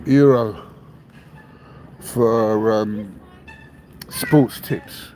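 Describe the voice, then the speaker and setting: Speaking extremely slowly in a lowish, warm voice, this podcast host from England, raised in London, rambles to listeners. He is blunt and defiant, swears, repeats himself, and ends lines with "yeah?". The low-quality recording carries a little hiss or hum.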